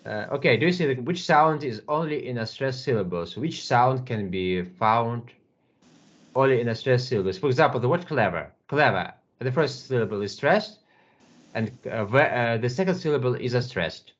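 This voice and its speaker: A man teaching English one to one, patient, repeating words slowly with many fillers. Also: medium pitch, expressive, muffled recording. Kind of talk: online English lesson.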